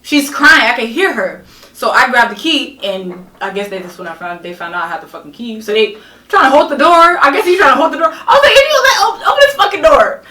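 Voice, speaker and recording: A young woman telling a story as a podcast guest, animated, emphatic and profane. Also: fairly high pitch, fairly quick. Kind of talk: casual storytelling. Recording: roomy echo, distant mic.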